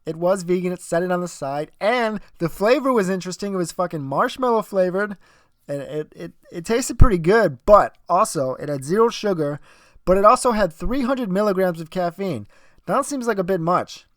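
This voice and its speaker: A man's voice: high voice, lively intonation, normal speed, dry recording, studio quality. A young man hosting a solo podcast, rambling and swearing, arguing with himself. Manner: profane, rambling, self-arguing. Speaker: podcast host.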